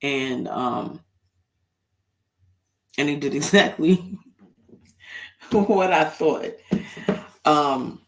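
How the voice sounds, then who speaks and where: A man's voice: a little high, extremely slow, pauses often. A man hosting a solo commentary show, talking bluntly and heatedly and swearing freely. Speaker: podcast host.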